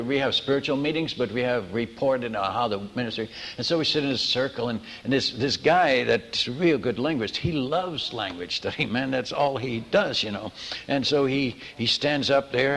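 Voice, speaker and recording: A man preaching as a missionary, telling stories in a lively sermon, acting out the people in them and often restarting his sentences. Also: mid-range voice, long reverb tail. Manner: animated, acts out dialogue, many restarts. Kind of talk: storytelling sermon.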